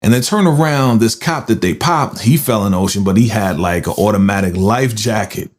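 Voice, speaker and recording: Man, lowish voice, casual movie recap host, animated storyteller, keeps checking in with the listener. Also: moderate pace. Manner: animated storytelling, frequent "right?" tag questions.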